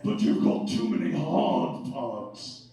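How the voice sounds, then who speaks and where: A man on stage doing a blunt, deadpan older rock legend in quoted lines of a story. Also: a little high, slow, soft background music. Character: gruff, laconic older male rock legend. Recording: echoey club sound from far off.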